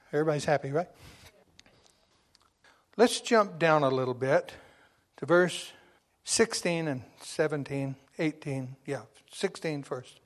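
A middle-aged man preaching a sermon, exuberant and emphatic, at times bursting into shouts. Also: on the high side, unhurried, pauses often.

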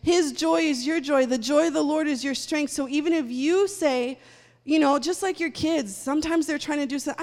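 At a moderate pace and in a high voice, a woman delivers a sermon and leads prayer in a church sanctuary. Her fervor and conviction build until she is praying loudly. The recording has long hall reverb and faint music.

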